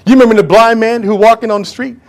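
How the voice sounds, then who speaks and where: Impassioned high-voiced male preacher. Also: fairly even intonation, fast talker. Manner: impassioned, swings from loud calls to hushed whispers; addresses congregation directly, acts out quoted voices. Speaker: pastor. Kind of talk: sermon.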